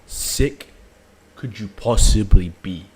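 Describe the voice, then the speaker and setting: A man's voice: fairly low pitch, slow, darkish tone. A man hosting a live stream, reacting to a video with blunt, profane, heated outbursts.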